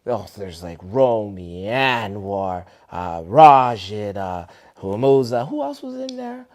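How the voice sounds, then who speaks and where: A man's voice: fairly low pitch, slow pace. A man who teaches street dance and is from Canada, telling a story in a casual interview and acting out what people said in a raised voice. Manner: animated, acts out quoted people in a raised voice.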